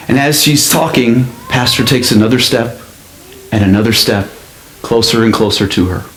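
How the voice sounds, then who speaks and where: A man's voice: mid-range voice, steady tone, normal speed. Male pastor preaching in an echoey church. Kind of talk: sermon storytelling. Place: church sanctuary.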